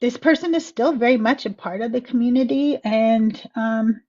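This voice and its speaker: A woman's voice: a little high, normal speed, darkish tone, muffled recording. A woman on a podcast reciting spoken-word poetry and then talking candidly, emotional and close to tears, swearing freely. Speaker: podcast guest.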